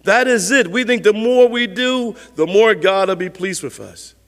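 A man's voice: sits high, moderate pace, a bit bright, big-room sound. A man preaching a sermon as pastor, talking it through conversationally with rhetorical questions and repeated phrases.

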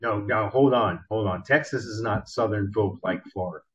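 Animated, swearing man chatting. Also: lowish voice, moderate pace, a little hiss or hum. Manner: animated storyteller, swears casually. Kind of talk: casual chat. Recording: slightly dull lo-fi sound.

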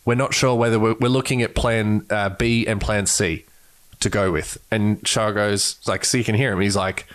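A man's voice: lowish voice, fairly even intonation, brisk, a bit bright. A man co-hosting a podcast, chatting casually, rambling and swearing as he retells events with animation. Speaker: podcast co-host. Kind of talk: casual chat.

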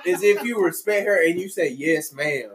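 A man's voice: high-pitched, steady tone, a loud crowd. A young man, the podcast's guest, trading crude, swaggering banter. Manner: slow, swaggering and profane.

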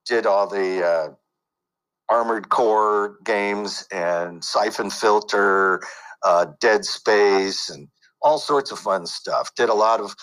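A man's voice: fairly low pitch, slow, a bit bright, low-quality recording. A man who works as a voice actor and coach, talking casually in an interview with many fillers and restarts.

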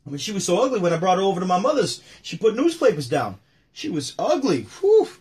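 A man putting on a brash male stand-up comic, firing off punchlines in a punchy, exclaiming delivery with a husky voice. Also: sits high, wildly swooping pitch, fast talker, a little mellow, voice pushed up. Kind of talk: stand-up impression.

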